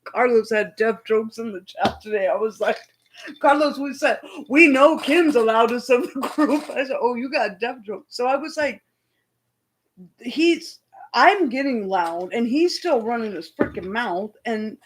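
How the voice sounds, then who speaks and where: Loud worked-up lady ranting on a livestream, kinda high voice. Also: lively intonation, poor audio. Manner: loud, heated, fast retelling of an argument. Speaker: livestream host. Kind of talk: casual livestream storytelling.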